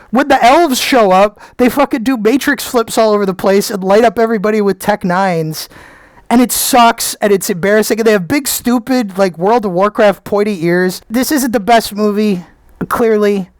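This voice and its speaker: A man rambling through a profane, sarcastic film review, excitable and quick to switch between near-shouting and mutters. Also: high voice, no room sound.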